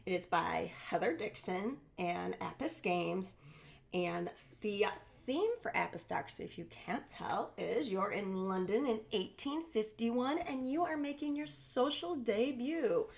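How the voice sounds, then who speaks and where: A woman's voice: medium pitch, expressive, unhurried, vocal fry. A woman guest creator giving an enthusiastic recorded segment. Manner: bubbly and enthusiastic.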